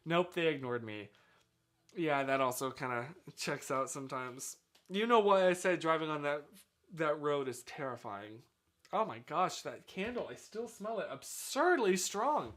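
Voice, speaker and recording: A man's voice: on the high side, a little slow. A man hosting a casual live stream from a small room at home, chatting with viewers in a chatty, effusive way. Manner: chatty, animated, effusive congratulations. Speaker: livestream host. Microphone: desk microphone, sometimes turned away.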